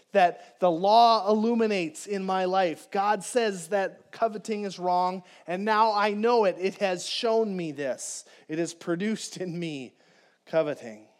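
High-voiced man preaching a sermon. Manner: conversational, animated preaching to a congregation. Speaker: pastor.

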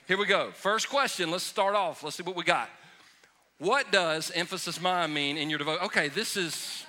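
Bright, energetic joking pastor. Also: male voice, high-pitched, normal speed, slight background noise. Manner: conversational, joking, emphatic preaching. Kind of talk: sermon Q&A. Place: church sanctuary.

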